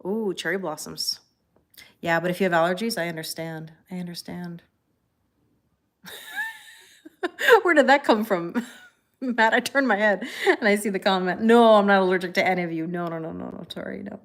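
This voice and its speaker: A woman hosting a tarot livestream in a calm, chatty way, reading viewer comments aloud and thanking people by name. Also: medium pitch, fairly quick. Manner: calm and relaxed. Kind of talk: casual livestream chat.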